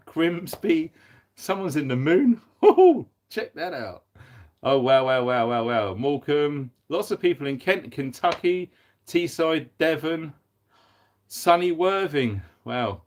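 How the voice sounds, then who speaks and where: Upbeat man hosting a live stream. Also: on the high side. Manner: upbeat, reads out viewer comments. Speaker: livestream host. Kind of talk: casual live-stream chat.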